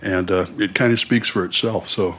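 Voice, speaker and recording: A man's voice: sits low, steady tone, normal speed, a bit bright. A man who is a musician introducing himself to a board in a laid-back, rambling way, with many fillers. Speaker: musician applying as vendor. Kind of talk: casual self-introduction.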